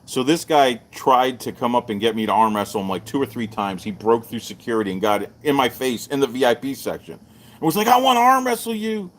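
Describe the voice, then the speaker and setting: A middle-aged man, hosting a live-streamed martial arts show and telling stories in a loose, animated way. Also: a little fast, slight background noise. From Texas. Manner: animated storyteller, jumps up in pitch for quoted voices. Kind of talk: casual storytelling to a live stream.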